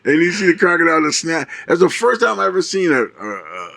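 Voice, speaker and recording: A man co-hosting a podcast, telling stories in an animated way, laughing and acting out voices. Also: a little high, fast talker, vocal fry, dry recording. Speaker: podcast co-host. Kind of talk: casual chat.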